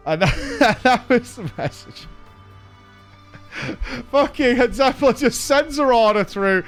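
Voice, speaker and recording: A man streaming, telling a story in a casual, animated way, swearing and laughing along. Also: very high-pitched, slow, long pauses, faint music behind.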